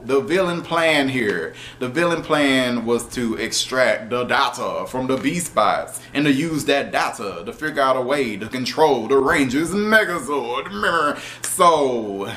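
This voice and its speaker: A man reviewing a show episode in casual, animated talk, exasperated and profane, with laughing asides. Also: medium pitch, slight background noise.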